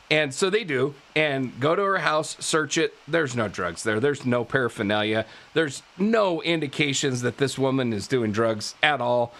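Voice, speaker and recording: A male podcast host telling a true-crime story in a casual way, animated, laughing often and tripping over his words. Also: a little high, unhurried. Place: live podcast studio.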